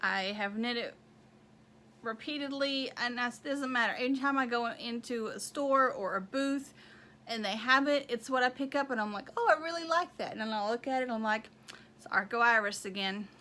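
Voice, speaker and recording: A woman's voice: a little high, normal speed, pushed and bright, a little hiss or hum. A woman hosting a knitting video podcast, chatting casually and rambling as she shows off her projects and counts squares aloud. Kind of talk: casual show-and-tell chat.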